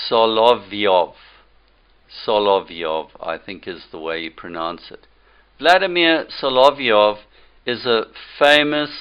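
A man's voice: mid-range voice, bright, forceful tone, clear, resonant tone, rough recording. A man giving an emphatic, lecturing monologue as a political commentator. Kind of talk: opinionated monologue.

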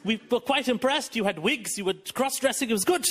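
A man's voice: very high voice, brisk. A male stand-up comedian from India with an Indian accent, talking wryly and conversationally on stage. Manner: wry and conversational. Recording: loud background noise.

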